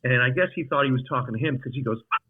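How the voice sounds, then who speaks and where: A male actor guest telling stories in a casual interview, rambling and animated, with frequent restarts. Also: mid-range voice, racing, phone-quality sound.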